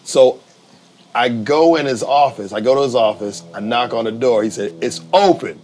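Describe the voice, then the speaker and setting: A middle-aged man, a TV writer and producer, telling backstage stories in a relaxed, animated way, laughing as he goes and acting out the people he quotes. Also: mid-range voice, moderate pace, low-quality recording. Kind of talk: casual anecdotal storytelling.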